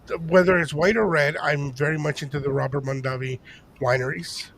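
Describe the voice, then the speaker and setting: An older man co-hosting a podcast tells a story in casual chat, animatedly acting out the voices of its characters. His voice is fairly high and fairly quick, with heavy background noise.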